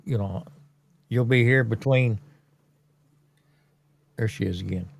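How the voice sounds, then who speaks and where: A man's voice: on the low side, takes it slowly, gravelly, a little hiss or hum. A man hosting a casual podcast, speaking in a plain, blunt way. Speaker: podcast host.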